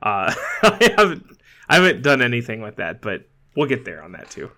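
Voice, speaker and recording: A chatty man co-hosting a podcast, his voice bright and forward. He talks loosely, full of fillers and restarts, and laughs easily as he goes. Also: medium pitch, huge pitch swings, moderate pace. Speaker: podcast co-host. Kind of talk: casual chat.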